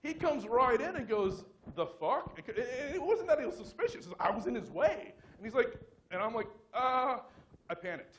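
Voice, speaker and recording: A man's voice: very high voice, big pitch swings, a little fast, few pauses, a bit bright, a little hiss or hum. A man giving a conference talk, telling a story casually with lots of fillers, restarts and self-mocking humor. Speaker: conference speaker.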